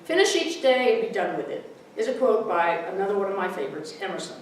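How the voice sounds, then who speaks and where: A woman's voice: mid-range voice, big pitch swings, fast talker, a little hiss or hum. A woman giving a chatty, casual sermon, mixing readings and a humorous story. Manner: warm, chatty, laughs at her own jokes. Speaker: minister giving a talk. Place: large echoey hall with a congregation. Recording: very echoey hall, voice from far off.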